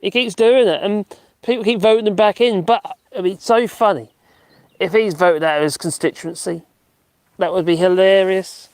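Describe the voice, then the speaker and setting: A man's voice: high-pitched, fairly even intonation, normal speed, darkish tone, no echo. Chatty man reading live chat. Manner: chatty, laughs often, mocking asides. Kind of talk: casual chat.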